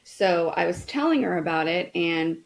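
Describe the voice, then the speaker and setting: A woman's voice: on the low side, animated, normal speed, creaky, poor audio. A middle-aged woman hosting a casual unboxing chat, talking enthusiastically to her viewers. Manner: chatty, enthusiastic, talks to viewers. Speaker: host reviewing products.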